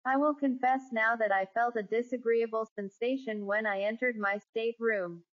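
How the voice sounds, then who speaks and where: A woman narrating a classic ghost story in a measured, even storytelling manner. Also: a little high. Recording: dull lo-fi recording.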